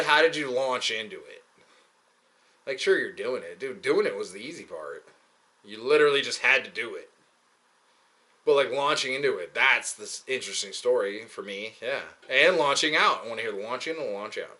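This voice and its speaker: Talking a little fast with lively intonation, a young podcast host with a sharp, mid-range voice rambles in a casual monologue. He jokes and swears a lot and keeps putting on mocking voices to quote people.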